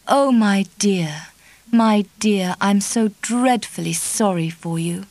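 A woman voicing a shy but earnest middle-aged woman, with a cool, deliberate and distinguished voice and an effusive, pleading manner. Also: mid-range voice, a little mellow, dry recording. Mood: warm concern.

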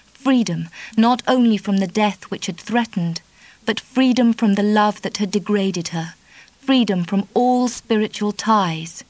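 A woman narrating a novel in a measured, even reading style. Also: mid-range voice, no room sound, poor audio. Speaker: audiobook narrator. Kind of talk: scripted narration.

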